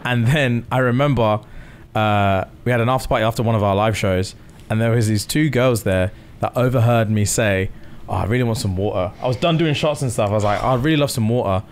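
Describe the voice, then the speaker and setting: A man, co-hosting a podcast and telling stories in casual, animated chat. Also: fairly low pitch, brisk. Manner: animated storytelling with swearing. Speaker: podcast co-host.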